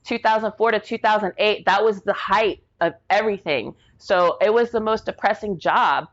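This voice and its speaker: A woman's voice: mid-range voice, moderate pace, highs cut off. A woman in her forties, an Army veteran and interview guest, telling stories in a rambling, casual way full of "like" fillers. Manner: rambling, heavy use of "like", acts out quoted people.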